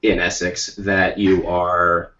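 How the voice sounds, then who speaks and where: A podcast co-host with a low voice tells a rambling, jokey story in a playful chat, restarting often. His delivery is flat, slow and sharp-toned, and the stream audio sounds muffled and lo-fi.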